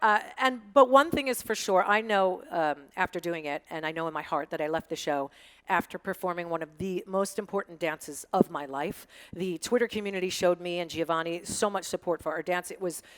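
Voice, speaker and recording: A middle-aged woman reading tweets aloud to a live audience, with animated, joking, sassy asides. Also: lowish voice, a little fast, in a large hall. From United States. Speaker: guest reading tweets on stage. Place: event space with audience.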